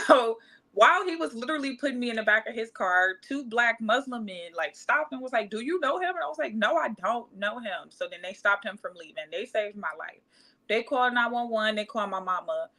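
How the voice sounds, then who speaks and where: A young woman from Cleveland telling a personal story in casual conversation, animated and often acting out what people said. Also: fairly high pitch, a little fast, low-quality recording. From Cleveland, Ohio. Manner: animated, acts out quotes, laughs often. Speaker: podcast guest.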